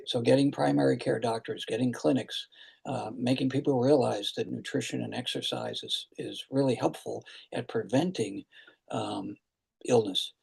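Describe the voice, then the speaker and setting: A man's voice: medium pitch, moderate pace, gravelly, darkish tone, husky. An older man hosting a virtual town hall as a congressman, answering questions earnestly with frequent restarts and fillers, heard over a video call.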